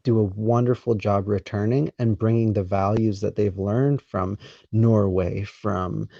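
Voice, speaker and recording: A man hosting a podcast interview, talking in a measured, deliberate way with pauses mid-sentence. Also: on the low side, steady tone, gravelly, warm tone, no echo. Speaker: podcast host. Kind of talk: conversational interview. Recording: dry, dull lo-fi sound.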